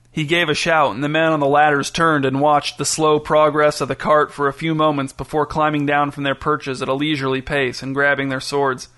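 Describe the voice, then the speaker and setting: A man reading a story aloud, evenly paced, raising his voice for the characters' lines. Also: fairly bright tone. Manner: reads evenly, lifts pitch and volume for character lines. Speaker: audiobook narrator. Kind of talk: scripted narration with voiced characters.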